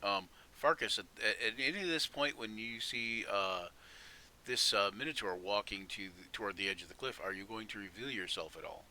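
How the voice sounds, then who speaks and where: A man running a live tabletop game as game master, narrating in a relaxed, stumbling way with many repeats. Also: lowish voice, normal speed, slight background noise.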